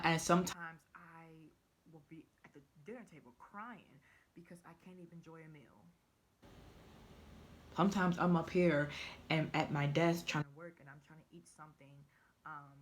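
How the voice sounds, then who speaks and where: A woman telling her own story in a vlog, halting and tearful at times, often dropping to a whisper. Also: deep voice. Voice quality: often drops to a soft whisper. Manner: halting, tearful, stumbling over words. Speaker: vlogger. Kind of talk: emotional personal vlog.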